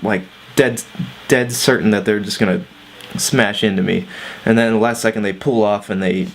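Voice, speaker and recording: A man's voice: on the low side, slight background noise. A man casually telling a personal story on his vlog, laid-back with lots of fillers and swearing. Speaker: vlogger.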